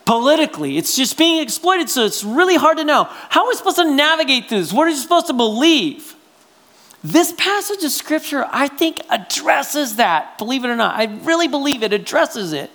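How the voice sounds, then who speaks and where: A male pastor delivering a sermon in a chatty, animated style. He keeps checking in with his listeners through quick asides. His delivery jumps between loud exclamations and hushed remarks. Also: very high voice. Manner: conversational, animated preaching with frequent "right?" asides.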